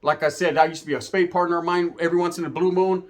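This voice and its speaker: Male storyteller, casual and slangy, animated quoted voices, slightly higher pitch. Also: rapid-fire.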